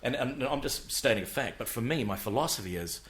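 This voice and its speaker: A middle-aged man talks on a podcast as a guest comedian. He argues passionately, stumbling and doubling words as he gets going, in a voice of ordinary pitch. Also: expressive, brisk, a bit bright. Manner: passionate, repeats words when starting. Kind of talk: casual podcast conversation.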